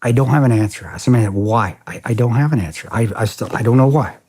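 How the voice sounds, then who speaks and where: In a casual podcast interview, a former security contractor tells war stories fast in a mid-range, husky voice. He is blunt and profane, giving an animated retelling that includes quoted dialogue.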